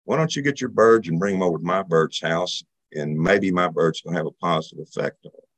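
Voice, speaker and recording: A man telling a joke, voicing a kindly, helpful male minister who speaks calmly and reassuringly. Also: sits low, fairly quick. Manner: calm, reassuring.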